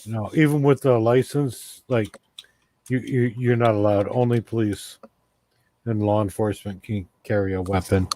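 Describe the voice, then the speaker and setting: A man chatting casually, often halting and repeating words. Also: fairly low pitch, fairly even intonation, warm tone. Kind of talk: casual chat.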